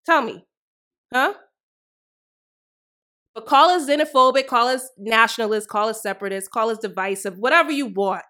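A woman's voice: on the high side, normal speed, pauses often, pushed and bright. A woman hosting a solo podcast, delivering fiery, profane commentary full of rhetorical questions. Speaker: podcast host.

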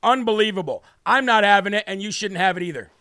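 A man's voice: high-pitched, fast. A man hosting a live political talk show, brash and combative, with mocking asides to viewers. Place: home studio.

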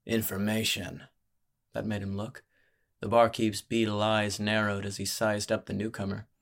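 A man narrating a fantasy audiobook in a measured, steady storytelling manner. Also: lowish voice, vocal fry.

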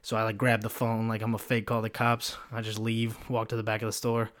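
Speaking a little fast in a lowish voice with completely flat delivery, a young solo podcast host rants profanely and rambles through a story full of fillers. He's close on a pop-filter mic.

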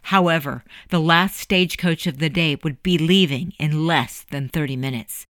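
A woman with a low voice reads a historical story podcast in a measured, earnest way. She sits close to the mic in a dry, dead room with no echo. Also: a bit bright. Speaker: podcast narrator and host. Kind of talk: scripted narration.

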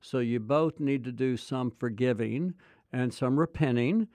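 A middle-aged man co-hosting a faith-based talk, explaining step by step in a measured way. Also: medium pitch, a little mellow, no echo, studio quality. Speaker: co-host.

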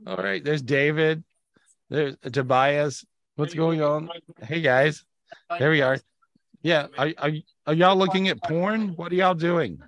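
A man's voice: a little high, a little slow. A man hosting a live video-call podcast, guiding a healing and then greeting people, effusive and given to repeating his words. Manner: warm, effusive, repeats phrases. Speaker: spiritual healer and show host.

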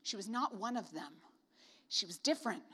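Woman, from Canada, casual preacher, bright voice, chatty with joking asides, long hall echo. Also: mid-range voice, expressive, moderate pace, slightly rough. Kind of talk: casual sermon. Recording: reverberant hall.

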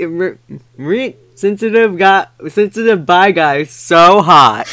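Slow, bright-voiced young man reading melodramatically. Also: fairly high pitch, no room sound. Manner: mock-dramatic, reading with theatrical overacting and laughing. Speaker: podcast host reading fan fiction aloud. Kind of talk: comedic dramatic reading.

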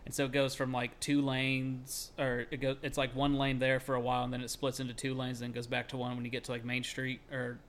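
A young man rambles through a story on a casual podcast. He leans on "like" constantly and swears without a thought. His voice sits at an ordinary middle pitch. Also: completely flat delivery, a little fast, few pauses. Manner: rambling, heavy on filler "like", swears freely, shouts when quoting himself. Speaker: podcast co-host.

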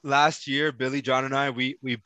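A man's voice: mid-range voice, normal speed, clean tone, dry recording, lo-fi sound. A young man hosting a casual sports betting podcast, telling stories with plenty of laughter and swearing. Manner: laughing, swears freely, excitable storyteller. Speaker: podcast host.

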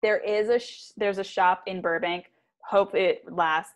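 A woman's voice: mid-range voice, steady tone, a little slow. A woman hosting a podcast in casual chat, rambling and giggly, with lots of "like". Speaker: podcast host.

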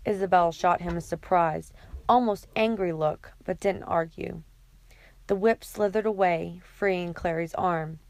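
A woman narrating an audiobook chapter in a steady, even reading. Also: lowish voice, a little slow.

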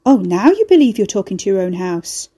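A woman narrator puts on a sly neighbour man in a dark storybook tale. He is cocky and slangy, needling the heroine with mock innocence. The voice stays mellow and soft-edged. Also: sits high, big pitch swings, a little fast. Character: sly teasing male neighbour, cheeky and mocking.

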